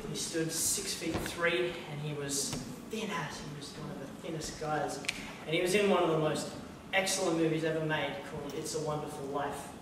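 This impressionist, on stage in a community hall for a live stand-up show, chats loosely between impressions and concedes he's unprepared. His slightly high voice keeps a fairly even intonation and a moderate pace with hardly any pauses. The recording is far off, echoey and noisy.

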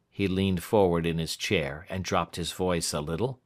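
A man narrating a classic story for English learners in a slow, clear, expressive reading. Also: sits low.

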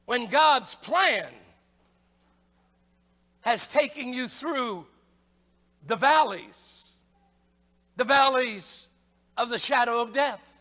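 Pastor, male, very high and bright voice, slow emphatic preaching. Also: animated. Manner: emphatic preaching, rising to shouts on rhetorical questions. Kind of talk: sermon. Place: church sanctuary. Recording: long church hall reverb.

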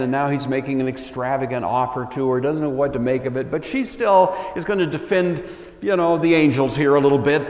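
A man's voice: on the high side, a little mellow. A man giving a Bible lecture in a conversational, thoughtful way, with frequent "uh" fillers, in a lecture hall. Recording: roomy hall with long echo.

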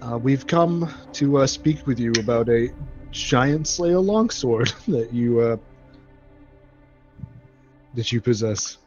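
A man's voice: medium pitch, lively intonation, slow pace, pauses often. Inquisitive man playing a tabletop game. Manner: inquisitive, joking. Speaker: player. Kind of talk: casual tabletop play. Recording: dull lo-fi recording, faint music.

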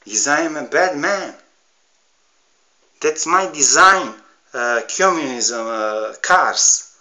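A middle-aged man from Serbia with a Serbian accent, ranting to camera in halting, broken English, heated and pleading. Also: a little high, lively intonation, bright, forceful tone, poor audio. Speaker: vlogger. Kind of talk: emotional rant to camera.

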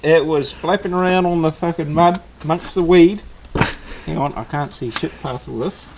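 A man with a New Zealand accent telling a fishing story outdoors on a harbour shore, animated and swearing freely. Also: a little high, normal speed, noisy background. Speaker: fishing and hunting vlogger. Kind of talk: casual outdoor chat.

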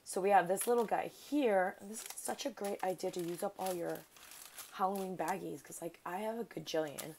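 A woman's voice: fairly low pitch, a little fast, creaky, a little mellow, a little hiss or hum. A woman vlogger chatting casually while opening a craft mail package, gushing over each item and talking to the sender. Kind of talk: casual unboxing chat.

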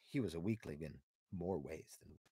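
A man reading aloud as a calm, shrewd young warrior hero who speaks in a measured, reasoning way. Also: sits low, breathy edge, no echo, studio quality, voice pushed down. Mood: steady.

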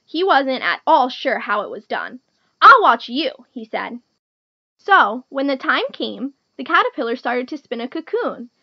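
A woman reading a picture book aloud to children, clear and gentle like a teacher. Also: high-pitched, big pitch swings, unhurried, no room sound, lo-fi sound. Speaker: storytime reader.

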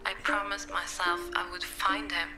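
A woman's voice: medium pitch, level tone, normal speed, lightly acted. A woman voicing an anxious, guilt-ridden mother hunting for her kidnapped son in a video game. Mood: grieving. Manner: desperate, guilt-ridden, hushed inner narration. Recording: game audio with loud music.

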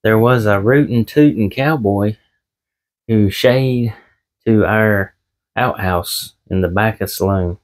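A man's voice: fairly low pitch, takes it slowly. A man vlogging from his small home office, chatting casually and telling corny jokes in a folksy, self-deprecating way. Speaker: eBay reseller and vlogger.

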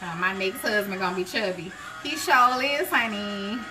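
A woman hosts a live cooking stream in a chatty, casual way, talking straight to her viewers. She bursts into joyful shouts of praise now and then. Gospel music plays clearly behind her. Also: medium pitch, animated, moderate pace. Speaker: cooking show host. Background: gospel music playing.

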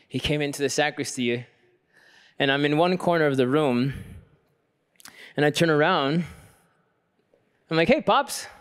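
Earnest priest telling a personal story. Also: male voice, unhurried, long pauses, fairly bright tone, clean tone. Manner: rises to a fervent pitch when preaching. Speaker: Catholic priest. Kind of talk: conference workshop talk.

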